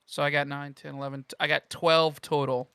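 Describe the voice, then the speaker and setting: A man's voice: on the high side, flat delivery, a little fast, creaky, sharp tone, clear, resonant tone, no echo, clean studio sound. A young man playing a tabletop game, chatting playfully in a meandering, hesitant way. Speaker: player. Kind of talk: casual chat at a tabletop game.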